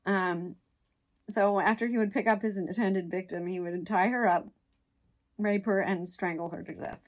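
A woman's voice: medium pitch, steady tone, normal speed. A woman hosting a podcast, chatting casually and hedging often as she tells a true crime story. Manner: rambling, hedging, laughs while telling the story. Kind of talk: casual chat.

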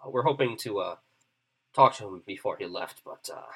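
A man voicing a wary male soldier who guards a dragon, talking in a hesitant, halting way. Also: on the low side, animated, fairly bright tone, voice pushed down.

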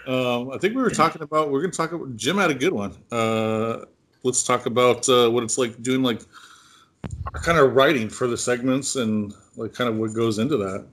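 A man's voice: medium pitch, normal speed, fairly bright tone. A man co-hosting a casual podcast chat, rambling with lots of fillers and frequent laughs. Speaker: podcast co-host.

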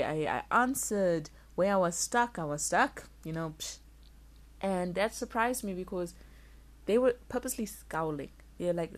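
A young woman vlogging candidly, telling an emotional personal story in quick, animated bursts. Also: on the low side. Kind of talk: casual vlog monologue.

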